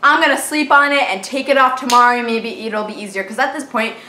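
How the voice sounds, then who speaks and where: Animated teenage girl, bright echoey voice. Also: a little high, quick pace. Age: teens. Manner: animated, dramatic retelling with valley-girl fillers. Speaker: vlogger. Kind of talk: storytime vlog. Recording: echoey room with faint hiss.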